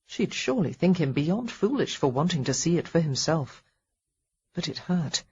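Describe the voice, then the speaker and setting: Husky low-voiced female narrator. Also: moderate pace, highs cut off. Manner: calm, even storytelling. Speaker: audiobook narrator. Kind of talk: scripted narration.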